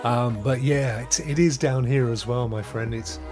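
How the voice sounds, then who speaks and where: A man's voice: mid-range voice, fairly even intonation, normal speed, a little mellow, faint music behind. A man hosting a casual live stream, chatting upbeat and laughing often as he greets viewers. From England. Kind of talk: casual live chat, reading viewer comments.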